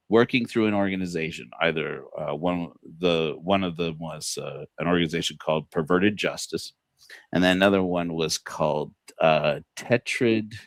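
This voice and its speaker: A podcast host with a low voice rambles through casual livestream commentary, full of fillers and restarts, laughing at his own jokes. The sound is dry and close, with no room sound.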